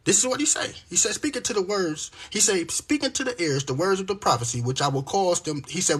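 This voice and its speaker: Man, high voice, lively swings in pitch, husky, fiery scripture preaching. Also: a little fast, hardly any pauses. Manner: reads verses aloud with emphatic asides, repeats "right?".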